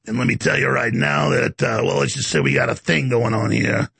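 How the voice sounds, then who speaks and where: A man putting on a boastful New York mobster voice with a Brooklyn accent, gruff and swaggering. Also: medium pitch, sing-song, brisk, fairly bright tone, no echo, pitched below the performer's own voice, heavily acted. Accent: Brooklyn, as put on.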